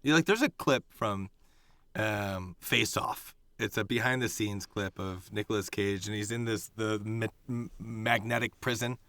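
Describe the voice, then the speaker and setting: A man on a podcast tells set stories with lively, swearing energy, slipping into the voices of the people he quotes. His voice sits on the low side. The sound is close and dry, with no room around it. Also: unhurried, no echo. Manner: animated, profane, acts out quoted voices. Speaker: guest actor. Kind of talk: casual storytelling.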